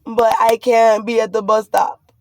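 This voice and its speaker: A woman's voice: fairly high pitch, flat delivery, unhurried, no room sound. A pregnant woman recounts a frightening ordeal in an urgent, rambling, fearful way. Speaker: vlogger. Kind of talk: distressed personal account to camera.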